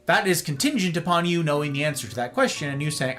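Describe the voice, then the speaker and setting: A man's voice: fairly high pitch, sing-song, fast, pushed and bright, faint music behind. A male host giving an emphatic, sarcastic monologue on a live-streamed talk show, with playful asides.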